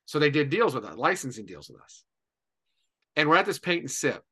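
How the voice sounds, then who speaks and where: A man in his forties from Indiana, a podcast guest telling a lively anecdote with lots of "and, uh" fillers. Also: a little high, brisk, breathy edge. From Indiana, USA. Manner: lively storyteller, many "and, uh" fillers. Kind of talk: animated anecdote.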